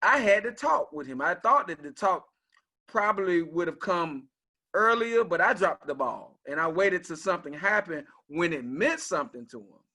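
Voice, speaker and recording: A man talks on a discussion panel, telling an earnest story as a father. His voice sits a little high and sounds bright and forceful. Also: animated, moderate pace. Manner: earnest storytelling, speaking to the host as brother. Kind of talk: conversational panel talk.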